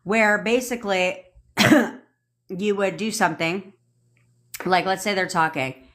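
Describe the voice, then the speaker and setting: A woman's voice: mid-range voice, measured pace, background noise. A young adult woman, a manifestation coach, ranting bluntly on a phone livestream with plenty of swearing and repetition. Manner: blunt, profane, repetitive tough-love ranting. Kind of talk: TikTok live rant.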